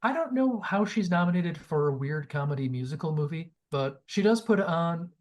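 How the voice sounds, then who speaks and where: A man's voice: a little high, animated, normal speed, a little mellow. A man hosting a podcast in casual chat, jokey and opinionated, swearing now and then. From Great Lakes region of the US. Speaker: podcast host.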